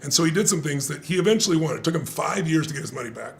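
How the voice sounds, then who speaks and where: An older man, an interview guest, telling a story in lively conversation, acting out the voices of others and laughing as he goes. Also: on the high side, racing, a little hiss or hum. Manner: animated, acts out quoted voices, laughs often.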